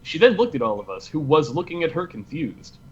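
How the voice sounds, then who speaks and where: A man's voice: fairly high pitch, sing-song, fairly quick, lo-fi sound, a crowd in the background. A man reading a story aloud to friends, trading sarcastic, casual jokes with a lot of swearing. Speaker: reader and co-host.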